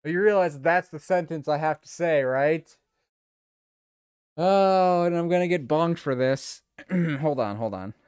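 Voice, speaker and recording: Giggly slow-talking male streamer. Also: fairly high pitch, a little mellow, clear, resonant tone, no echo, clean studio sound. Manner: giggly, joking with chat, swears casually. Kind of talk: casual live-stream chat.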